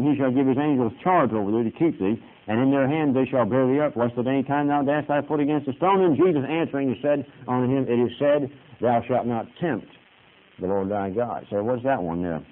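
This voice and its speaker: A man's voice: medium pitch, moderate pace. A man preaching a folksy, plain-spoken sermon that climbs into emphatic peaks. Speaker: pastor. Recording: tinny hissy lo-fi recording.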